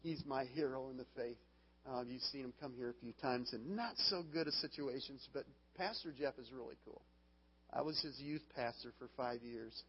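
Husky-voiced preacher in a reverberant hall. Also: male voice, medium pitch, moderate pace. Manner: earnest, breaks into laughter, restarts phrases. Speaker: pastor. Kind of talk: sermon. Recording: long hall reverb, dull lo-fi sound.

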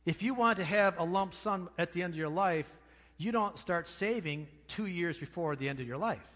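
Male pastor, mid-high voice, emphatic sermon delivery with repeated key words; church sanctuary with reverb. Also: normal speed, a bit bright. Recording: long reverb of a church hall.

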